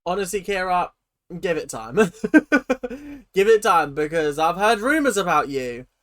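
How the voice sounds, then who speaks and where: Woman, reaction host, low voice, lively pitch swings, sarcastic, mock-outraged. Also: measured pace, soft background music. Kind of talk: comic reaction commentary.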